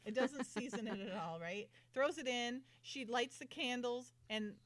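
A woman co-hosting a podcast, recapping a TV episode in casual chat, acting out characters' lines in high voices and laughing often. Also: a little slow, dry recording. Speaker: podcast co-host.

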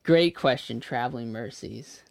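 Podcast co-host: man, mid-pitched, rambling and giggly, dry close mic. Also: measured pace, creaky, no room sound. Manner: laughing, rambling with many fillers. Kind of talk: casual chat. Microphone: desk microphone.

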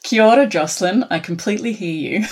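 A woman's voice: mid-range voice, animated, moderate pace, a little mellow, husky. A woman with a New Zealand accent, a teacher answering podcast questions in a careful, explanatory way with frequent ums. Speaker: phonics intervention teacher, guest.

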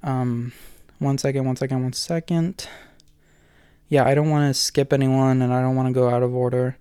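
A man's voice: mid-range voice, level tone, moderate pace, dark tone, clean tone, no echo, studio quality. A man hosting his own podcast, talking alone in an earnest, rambling way with many fillers. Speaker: podcast host. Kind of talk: casual solo podcast talk.

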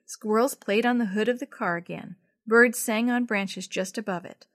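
A woman telling a chapter story aloud to children, gentle and expressive. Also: on the high side, moderate pace, no room sound, studio quality.

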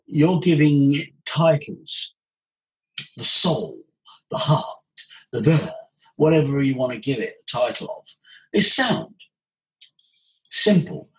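Male voice coach, animated and conversational, teaching tone. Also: a little high, slow, long pauses, rough recording. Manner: animated, demonstrates vocal sounds.

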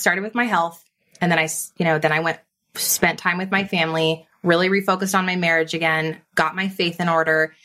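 A woman guest on a podcast, a business coach, telling her story in a lively conversational way and acting out her own thoughts in quotes. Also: lowish voice. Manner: animated, fast-flowing, quotes her own inner voice.

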